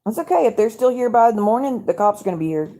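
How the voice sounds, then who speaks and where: A woman rants angrily into her live stream at home at night, cursing freely and rambling from one complaint to the next. Her voice is dark and mellow, and she talks straight to her viewers in a casual way. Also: fairly high pitch, expressive, fast talker. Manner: angry, profane, rambling rant to viewers. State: angry.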